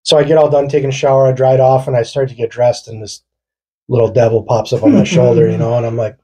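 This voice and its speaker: Husky, mellow man telling stories. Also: mid-range voice, flat delivery, fast. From rural Wisconsin. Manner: loose, profane, laughing through his story. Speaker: podcast co-host. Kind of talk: casual storytelling among friends.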